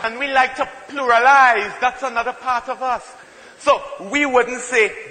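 A man's voice: very high-pitched, steady tone, moderate pace, bright, forceful tone. A man with a Trinidadian accent performing stand-up comedy in an emphatic, playful storytelling manner. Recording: hall reverb, faint ambient noise.

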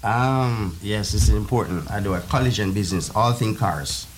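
A man's voice: lowish voice, moderate pace, slight background noise. A man, a business owner guest, talking in a hesitant way with fillers. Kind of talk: casual chat.

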